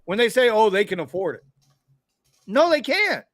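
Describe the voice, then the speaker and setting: A man from Florida with a notably high voice rants bluntly and profanely as a co-host on a casual talk show. The sound is dry and close, with little room around it. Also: big pitch swings, moderate pace, a bit bright, dry recording. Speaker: podcast co-host. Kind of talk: casual chat.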